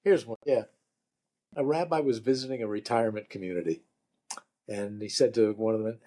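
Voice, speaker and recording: Older man with a husky mellow voice. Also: fairly low pitch, fairly quick, long pauses. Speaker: guest, comedian and rabbi. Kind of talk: casual interview chat.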